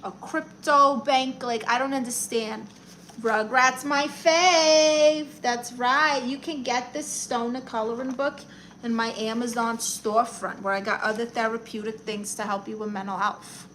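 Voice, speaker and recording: A woman's voice: a little high, steady tone, unhurried, fairly bright tone, a little hiss or hum. A woman playing a brash, blunt middle-aged aunt who calls herself a therapist, chatting on a live stream while she colors and reads the chat. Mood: chatty. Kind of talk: improvised character comedy live stream.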